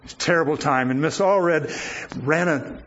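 A man's voice: a little high, normal speed, a bit bright. An older man giving a guest sermon, telling personal stories in a folksy, chuckling way. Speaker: guest preacher. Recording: dull lo-fi recording with faint noise.

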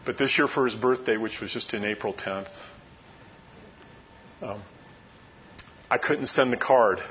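A middle-aged man preaches with folksy, earnest warmth, speaking to his flock like he's telling a story over coffee. His voice sits at an ordinary pitch. The recording is dull and muffled, with a faint low rumble underneath. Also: unhurried. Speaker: pastor. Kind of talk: sermon.

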